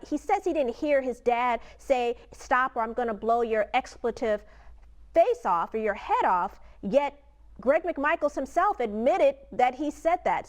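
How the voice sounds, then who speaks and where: Lady legal analyst on the news, high voice, direct and emphatic. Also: darkish tone.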